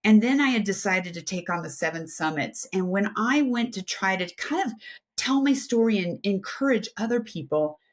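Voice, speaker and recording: A woman in her fifties from the United States, an aerospace engineer and adventure athlete, tells her life story as a podcast guest. Her mid-range voice is animated at a moderate pace, and she speaks energetically at length in long, flowing runs.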